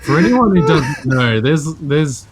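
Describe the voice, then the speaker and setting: A man's voice: on the high side, very animated, unhurried, noisy background. Casual Australian podcast co-host, young man, sarcastic joker, laughs a lot. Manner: joking, sarcastic, laughs often. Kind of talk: casual chat.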